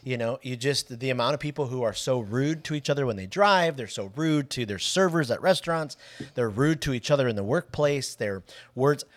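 Male podcast co-host, mid pitch, lively and emphatic, dry close mic. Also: brisk, dry recording. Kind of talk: casual podcast chat.

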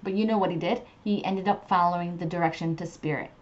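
A woman's voice: fairly low pitch, steady tone, fast, dull audio. Chatty woman spiritual podcast host. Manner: chatty, frequent fillers like "you know". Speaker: podcast host and tarot reader. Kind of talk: casual spiritual advice and storytelling.

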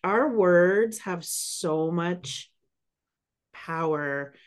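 A woman's voice: lowish voice, normal speed. A woman in her forties hosting a podcast, chatting in a reflective, confiding way. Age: 40s. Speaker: podcast host. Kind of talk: casual chat.

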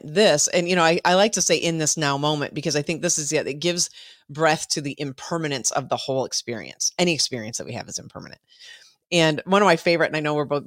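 Upbeat host voice, eager and agreeing, mid pitch, dry close recording. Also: fairly bright tone, no room sound. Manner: enthusiastic, affirming, laughs easily. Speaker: podcast host. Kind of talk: casual podcast conversation.

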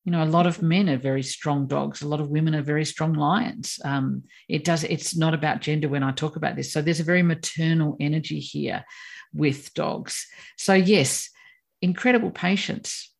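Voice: medium pitch, steady tone, moderate pace, vocal fry. A course teacher explaining ideas in an emphatic conversational way, acting out quoted voices. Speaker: course teacher on personality animals.

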